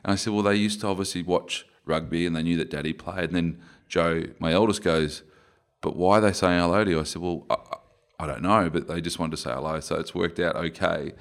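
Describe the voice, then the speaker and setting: A man's voice: deep voice, fairly even intonation, brisk. A man in his forties with an Australian accent, telling stories as an interview guest in a rambling, self-correcting way. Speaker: interview guest, former rugby player. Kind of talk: conversational interview.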